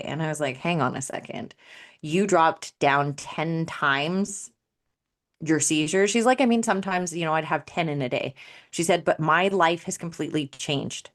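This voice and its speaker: A woman who works as an addictions coach, telling a client story in casual podcast talk and acting out the dialogue with lively energy. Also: low voice. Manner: animated, acts out quoted dialogue.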